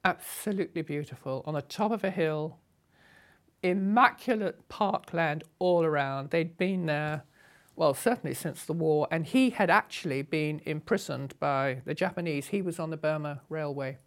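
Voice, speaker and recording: An older woman from Britain recounting travel memories in a lively, humorous way. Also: low voice, normal speed. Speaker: storyteller. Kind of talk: recounting a memoir.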